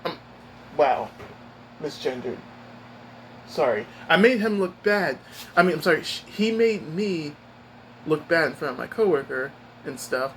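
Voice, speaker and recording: A young man with a slightly high voice rambles through a story from work, emphatic and expressive. He talks casually, piling on fillers and restarts as he vents to his viewers. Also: moderate pace, pauses often, a little hiss or hum, rough recording. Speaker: streamer giving a life update.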